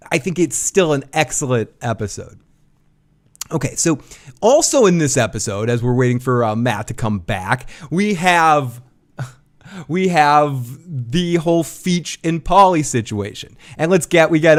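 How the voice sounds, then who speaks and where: A man with a Boston accent hosting a live show commentary, animated and quick to swear. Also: a little high. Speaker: podcast host.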